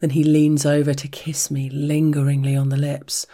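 A woman reading an intimate audio story aloud in a soft, unhurried scripted narration. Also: sits low, monotone. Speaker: story reader.

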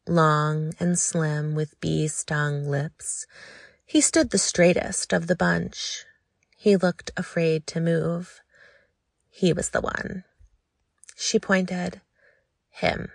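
Woman reading a story real slow and intimate, gravelly low voice, dry close mic. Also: dry recording. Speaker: narrator. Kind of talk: scripted story narration.

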